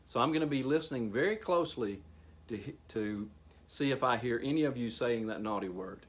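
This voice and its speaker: A man in the middle of a training workshop, talking to a group about managing nerves. He sounds animated and engaged, with deliberate pauses. His voice sits at a typical middle pitch for a man. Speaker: training facilitator. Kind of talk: public speaking workshop presentation.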